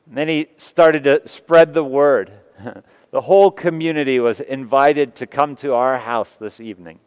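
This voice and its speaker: A man preaching, retelling a story in the first person with earnest, emotional delivery and long pauses. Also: medium pitch, clean tone. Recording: long reverb of a large hall.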